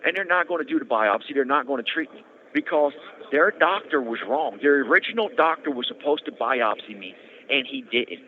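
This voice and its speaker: A man tells his own story, earnest and conversational, often repeating himself and restarting. His voice sits at an ordinary pitch for a man. The sound comes through a thin, tinny phone line with a faint hiss behind it. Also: animated, fairly quick. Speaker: podcast host telling his story. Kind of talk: casual storytelling. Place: prison phone. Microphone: prison phone handset.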